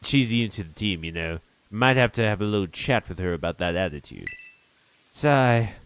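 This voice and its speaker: A man's voice: fairly low pitch, lively intonation, normal speed, clear, resonant tone, dry recording. A man reading the lines of a brash male gang squad boss in a cocky, taunting tone.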